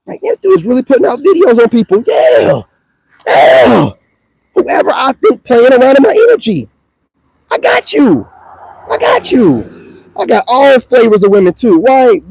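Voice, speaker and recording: A man's voice: high-pitched, darkish tone, no echo, poor audio. A young man ranting to the camera in a taunting, profane, mocking manner. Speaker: online video creator.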